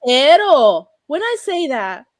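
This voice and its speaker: A woman's voice: high voice, sing-song, moderate pace. A woman hosting a casual chat stream who babbles on and swears freely. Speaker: streamer host.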